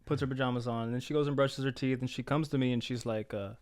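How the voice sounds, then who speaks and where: Smooth-voiced man telling a story. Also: medium pitch, steady tone, quick pace, darkish tone. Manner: storytelling, acts out his kids' voices. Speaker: podcast co-host. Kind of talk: casual podcast chat.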